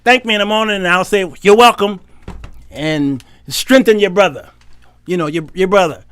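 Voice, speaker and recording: A man's voice: high-pitched, expressive, normal speed, a bit bright, smooth, dry recording. A man hosting a faith-based talk show, joking and laughing often with a preacher-like cadence. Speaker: host.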